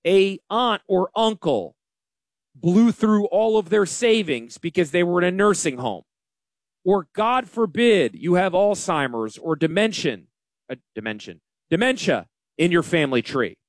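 A man hosting a casual financial radio show, talking in an animated, joking and self-deprecating way. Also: sits high, measured pace, no room sound, clean studio sound. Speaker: financial advisor and radio host.

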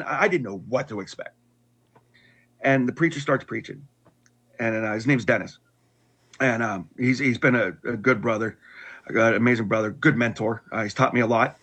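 A man's voice: mid-range voice, bright, forceful tone, slightly rough. A middle-aged man candidly telling a personal story in casual conversation, with restarts and wry laughs.

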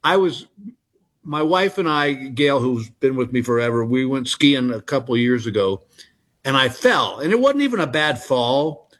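A man in his sixties spins relaxed, self-mocking stories as a comedy guest. His voice sits at an ordinary middle pitch, easygoing and anecdotal. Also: normal speed. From Texas. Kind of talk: storytelling interview chat. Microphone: phone call-in.

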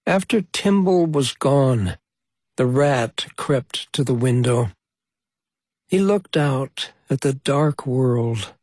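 Slow, husky male storyteller. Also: mid-range voice, expressive, no echo. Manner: slow, gentle and measured. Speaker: storybook reader. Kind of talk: reading a children's story aloud.

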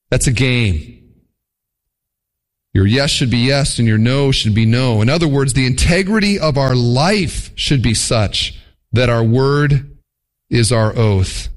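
Animated man preaching. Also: medium pitch. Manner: animated, mock voices for illustrations. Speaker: pastor. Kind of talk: sermon.

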